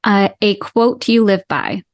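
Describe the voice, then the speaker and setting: A woman's voice: mid-range voice, measured pace, dry recording. A woman in her thirties from Canada hosting a casual podcast interview, chatty and encouraging, laughing easily. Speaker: podcast host.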